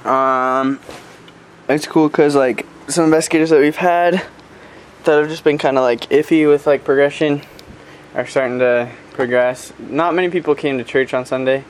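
A man's voice: mid-range voice, steady tone, moderate pace, a little hiss or hum. Chatty young male missionary. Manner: chatty, upbeat, full of fillers and "like". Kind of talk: casual video update.

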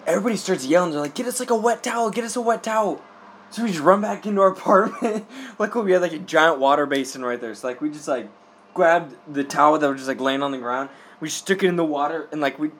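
A young man, a missionary, telling a rambling casual story with lots of filler words and frequent laughter. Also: a little high. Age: young adult.

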